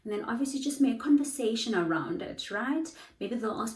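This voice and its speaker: A woman's voice: a little high, normal speed, roomy sound, rough recording. A young woman, a bubbly online English tutor giving casual teaching advice and acting out little dialogues. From South Africa. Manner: bubbly, lively, acts out dialogues.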